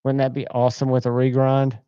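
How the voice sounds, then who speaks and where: Male stream host, mellow and smooth, easygoing and chatty, dry muffled audio. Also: medium pitch, completely flat delivery, a little fast, dry recording. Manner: chatty, rambling, enthusiastic. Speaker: livestream host. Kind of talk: casual chat.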